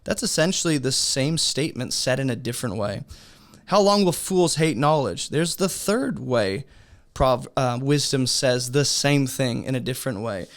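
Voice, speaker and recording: Speaking at normal speed with a medium-pitched voice, a man leads a Bible study lesson for beginners. His style is relaxed and conversational, and he asks his listeners rhetorical questions.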